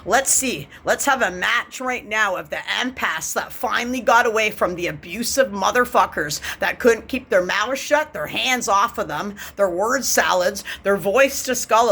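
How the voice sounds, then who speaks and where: A woman's voice: medium pitch, a bit bright, husky. A woman from Canada delivering a bitter, profane rant to camera. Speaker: vlogger. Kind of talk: angry monologue to camera.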